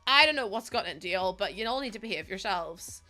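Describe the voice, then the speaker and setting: A woman's voice: mid-range voice, animated, fast, bright, forceful tone, faint music behind. Giggly Northern Irish woman streamer. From Northern Ireland. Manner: giggly, gushing, close to tears with gratitude. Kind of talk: live-stream chat with viewers while playing.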